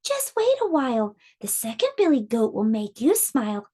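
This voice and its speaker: A woman's voice: on the high side, wildly swooping pitch, moderate pace, dark tone, slightly rough, exaggerated voice. A woman voicing the smallest, timid billy goat in a children's storybook reading, pleading in a small voice.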